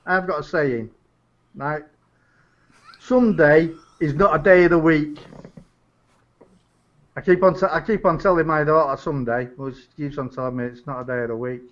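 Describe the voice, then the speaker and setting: An excitable man with a Salford accent chats on a live stream and keeps cutting in. His voice sits a little high, and the sound comes through muffled and dull from a remote mic. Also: moderate pace, long pauses. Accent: Salford, England. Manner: excitable, cuts in on others. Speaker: co-host. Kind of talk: casual live-stream chat.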